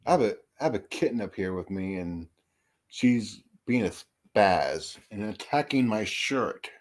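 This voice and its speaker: This young man's voice is lowish, with lively intonation and a measured pace. Hosting a casual livestream through a phone or headset mic, he rambles, swears, and jokes self-deprecatingly about being unsure what to do.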